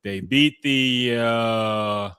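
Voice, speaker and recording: A man co-hosting a casual sports podcast, relaxed and loose, who swears now and then and sometimes blanks on names. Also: medium pitch, extremely slow, clean tone, no room sound. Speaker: podcast co-host.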